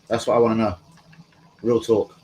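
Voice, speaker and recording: A man's voice: lowish voice, flat delivery, moderate pace, a little mellow, a little hiss or hum, rough recording. A man hosting a live stream from home, chatting casually in a rambling, slangy way and talking to his viewers. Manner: rambling, slangy, talks to chat.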